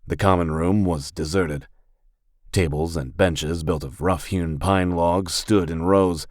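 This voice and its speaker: A man narrating an audiobook in a steady, even storytelling manner. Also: sits low, takes it slowly, no echo, clean studio sound. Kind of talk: scripted narration.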